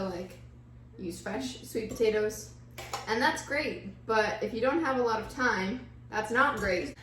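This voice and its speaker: A woman's voice: medium pitch, fairly bright tone. A woman with a Texas accent hosting a casual cooking video in a home kitchen, bubbly and enthusiastic. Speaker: cooking vlog host. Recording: echoey kitchen with faint noise.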